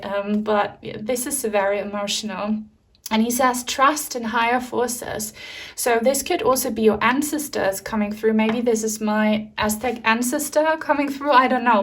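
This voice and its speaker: A woman giving a pick-a-card tarot reading to camera, speaking softly with many pauses and fillers and sounding moved. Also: mid-range voice. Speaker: tarot reader.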